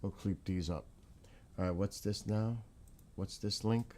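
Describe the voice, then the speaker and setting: Low-voiced man, chatty livestream host. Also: steady tone, measured pace, darkish tone, slight background noise. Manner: exclaims in astonishment, repeats himself. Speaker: livestream host reading chat. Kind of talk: casual live chat.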